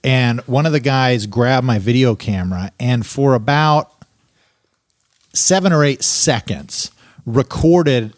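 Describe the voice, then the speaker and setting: A young man on a podcast telling a story in casual chat, acting out quotes in a raised, animated voice. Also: mid-range voice, takes it slowly, dry recording, studio quality. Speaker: podcast co-host.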